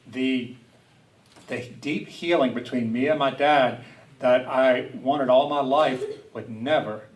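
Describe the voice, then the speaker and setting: A man's voice: medium pitch, distant mic. A middle-aged man from south Louisiana giving a personal, reflective lecture, speaking earnestly and restarting his sentences now and then. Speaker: public speaker. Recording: roomy hall, speaker away from the mic.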